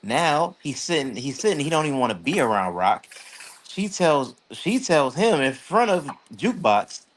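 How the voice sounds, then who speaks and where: A man's voice: a little high, sing-song, normal speed, a little hiss or hum. A man co-hosting a casual reaction chat, laying out his reasoning bluntly and matter-of-factly. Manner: lays out long reasoning, blunt and matter-of-fact. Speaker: reaction show co-host.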